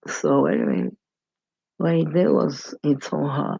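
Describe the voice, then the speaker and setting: A woman rambles through her stories at an unhurried pace, her voice heavily gravelly with fry. She slips into the voices of the people she describes. The sound is dull and lo-fi, and dry with no room echo. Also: low voice, very animated, mellow. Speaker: storyteller. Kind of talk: casual storytelling vlog. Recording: dull lo-fi recording.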